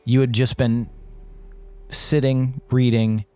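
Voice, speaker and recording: A man narrating as game master of a tabletop game, relaxed and descriptive, laughing often. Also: medium pitch, slow, clear, resonant tone, faint music behind.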